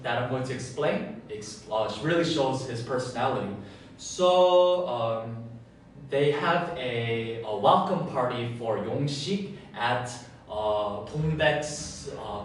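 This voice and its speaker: A man's voice: mid-range voice, distant mic, a little hiss or hum. Man recapping a drama in a very echoey room. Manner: filler-heavy, acts out characters' lines. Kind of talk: casual spoken recap.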